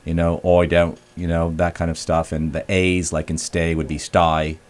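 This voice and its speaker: A low-voiced man with a New England accent talks casually as a guest. He is chatty and self-deprecating, and he explains things at length. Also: flat delivery, normal speed, a little mellow. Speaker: stage actor and guest. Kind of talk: casual radio chat.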